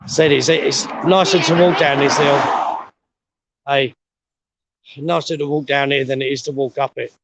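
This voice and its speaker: A middle-aged vlogger, out of breath, hikes up a steep hill outdoors and rambles bluntly with lots of swearing, filmed on a handheld phone. His medium-pitched voice is steady, a little slow, and full of pauses, and the low-quality recording carries some hiss or hum.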